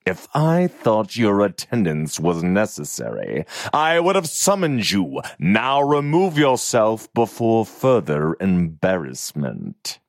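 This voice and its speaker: A man voicing a confident, teasing young noblewoman, raising his voice high for her. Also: big pitch swings, slow, few pauses, no echo, clean studio sound, exaggerated voice. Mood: commanding.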